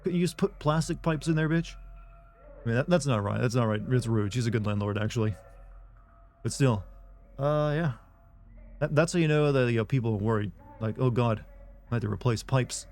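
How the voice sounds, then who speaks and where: A man chatting to his viewers during a live game stream. He rambles in an offhand, loose way, swears often and restarts his sentences. His voice sits at an ordinary middle pitch, and faint game music plays behind him. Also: brisk, long pauses, darkish tone. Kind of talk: casual chat with viewers while streaming a game.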